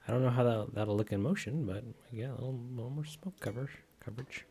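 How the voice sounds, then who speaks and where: A man's voice: medium pitch, fast talker, mellow, soft background music. A man streaming live, thinking aloud as he edits a video, mumbling to himself with whispered asides and unfinished sentences.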